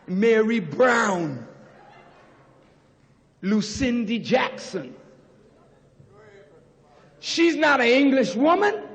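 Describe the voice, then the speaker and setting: A man, a minister, giving an impassioned lecture to students, building to shouts and stretching words for emphasis. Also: very high-pitched. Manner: preaching, rising to shouts, drawn-out emphasis. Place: university auditorium. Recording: archival recording with long hall reverb.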